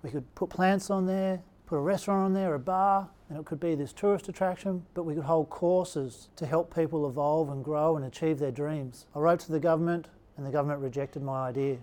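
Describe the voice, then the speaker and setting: A middle-aged Australian man telling a personal story in a relaxed, anecdotal way, acting out the quotes. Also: on the high side, brisk, hardly any pauses. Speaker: speaker telling his story. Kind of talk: storytelling talk.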